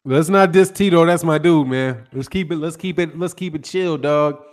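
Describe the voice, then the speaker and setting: A man's voice: on the high side, moderate pace. A man from the North Side of Chicago with a Chicago accent, hosting a boxing channel live stream, talking loosely in slang and greeting chat viewers by name.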